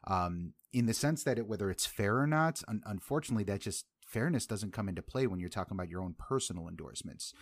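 Man hosting a sports podcast, low voice, dry close sound, upbeat, restarts his sentences. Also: lively intonation, quick pace, few pauses, no room sound. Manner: upbeat, repeats words when starting sentences. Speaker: podcast host. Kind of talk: casual sports podcast chat.

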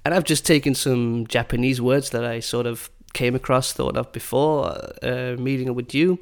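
A man hosting a podcast in casual chat, upbeat and curious, slowing down to spell things out for learners. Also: medium pitch, fairly even intonation. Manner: upbeat, curious, slows down for learner-friendly phrasing. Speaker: podcast host.

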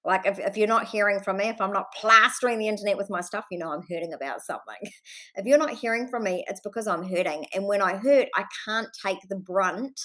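A woman's voice: mid-range voice, fairly quick, a bit bright. A woman with a New Zealand accent hosting a solo podcast, talking in an earnest, impassioned way, swearing freely and speaking fondly to her listeners. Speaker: podcast host.

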